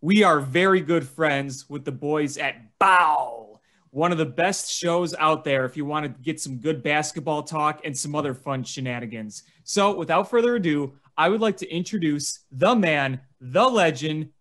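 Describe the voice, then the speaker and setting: Male co-host, good-humored, a little self-deprecating, voice slightly high. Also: animated, unhurried, a bit bright. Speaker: podcast co-host. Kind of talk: casual chat.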